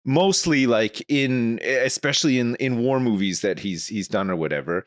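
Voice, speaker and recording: A podcast co-host chats casually, his mid-range voice animated and at normal speed. He rambles and hesitates, full of fillers and restarts. The audio is studio quality with no room sound.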